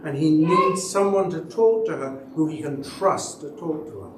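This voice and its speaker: Male church elder, storytelling sermon, roomy hall sound, faint background hiss. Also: moderate pace. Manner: storytelling, acts out quoted people with big pitch jumps. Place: church sanctuary. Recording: echoey church hall, mic at a distance.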